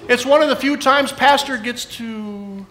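A man's voice: very high voice, a little slow, roomy sound. A man who is a pastor giving a children's sermon, asking the kids questions and cheering them on. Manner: animated, questioning, encouraging toward kids.

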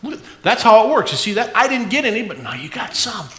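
A pastor giving a playful, animated children's sermon in a church. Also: medium pitch, fast, echoey room.

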